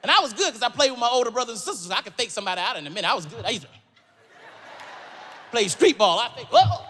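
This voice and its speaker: Guy doing standup, yelpy and animated, talks super fast, noisy live room. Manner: animated, yelping jumps in pitch. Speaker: stand-up comedian. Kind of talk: stand-up comedy storytelling. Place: comedy stage before a live audience. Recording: live stage audio with crowd noise.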